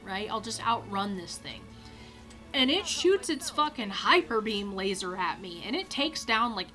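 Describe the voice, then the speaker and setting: Bright-voiced woman telling a gaming story. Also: mid-range voice. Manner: animated, swears freely, acts out quotes with loud cries. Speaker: gaming video host. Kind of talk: casual anecdote storytelling.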